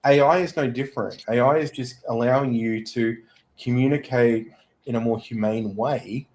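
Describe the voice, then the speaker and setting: A man chatting as a podcast guest. He tells his stories in an animated, everyday way, with a voice sitting in the middle of the male range. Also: medium pitch, normal speed, poor audio. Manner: animated storyteller. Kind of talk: casual podcast chat.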